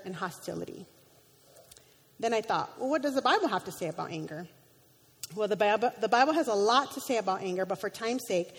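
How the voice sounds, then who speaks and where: A woman preaching a sermon, reading scripture aloud with emotion, sometimes stumbling and correcting herself. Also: medium pitch. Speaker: guest preacher. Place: church sanctuary. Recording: long hall reverb.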